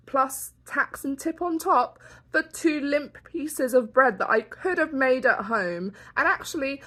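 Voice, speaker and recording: A British woman vlogging from her hotel room, ranting in an exasperated, animated way and laughing between complaints. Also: high-pitched. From Britain. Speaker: travel vlogger. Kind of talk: casual vlog rant.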